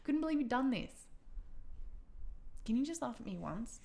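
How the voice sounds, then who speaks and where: A woman co-hosting a casual tabletop gaming podcast, laughing often and telling stories with lively acted-out quotes. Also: a little high, normal speed, creaky. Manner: giggly, tells stories animatedly. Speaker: podcast co-host. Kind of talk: casual chat.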